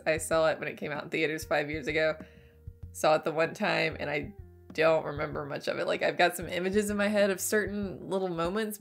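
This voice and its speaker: A woman's voice: deep voice, gravelly. Scratchy-voiced woman with a cold. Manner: enthusiastic, gushing, laughs often. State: hoarse from a cold, a bit stuffy. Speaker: movie reaction host. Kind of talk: casual spoken movie review.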